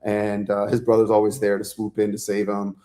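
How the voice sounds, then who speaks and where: A low-voiced man chats as an author guest in a relaxed interview. He rambles with plenty of fillers and acts out the lines people said, swearing without a second thought. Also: brisk. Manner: animated storyteller, acts out quotes, swears freely; loose and rambling with many fillers. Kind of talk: casual interview chat.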